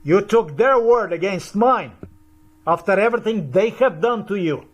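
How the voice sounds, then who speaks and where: A man's voice: sits high, lively intonation, normal speed. A man ranting profanely and accusingly in a monologue to camera. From Eastern Europe. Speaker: video commentator.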